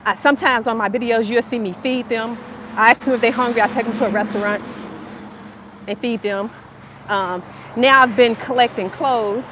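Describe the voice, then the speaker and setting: A channel host in her fifties, Southern-accented, speaks at normal speed in a fairly high voice with fairly even intonation. She's livestreaming casual motivation from a phone propped up on a narrow roadside sidewalk, faint traffic passing by. Chatty and repetitive, she talks straight to her viewers.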